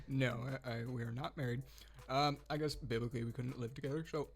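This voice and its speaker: A man's voice: medium pitch, fairly even intonation, brisk. A young man chatting casually while eating very hot wings, his voice strained and a little breathless. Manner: strained, breathless from spicy food. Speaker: youth group co-host. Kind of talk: casual hot wing challenge chat.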